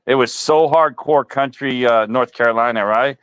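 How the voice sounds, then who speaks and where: A man's voice: mid-range voice, normal speed, a bit bright, clean tone, dry recording, lo-fi sound. A middle-aged man hosting a casual stream chat, telling stories and chuckling at his own jokes. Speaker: stream host.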